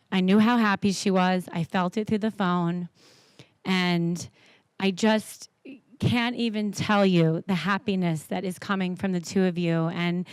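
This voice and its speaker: A woman's voice: medium pitch, clean tone, dry recording. A woman in her thirties giving a heartfelt, rambling wedding toast.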